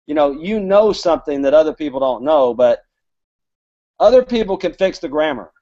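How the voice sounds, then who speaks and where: A man, raised in Alabama, tells long, winding stories as a guest author, acting out the lines of the people in them. His voice sits a little higher than most men's. The recording sounds dull and lo-fi. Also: animated, normal speed, mellow. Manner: rambling, chatty, acts out quoted dialogue. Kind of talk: casual storytelling interview. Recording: dull lo-fi audio.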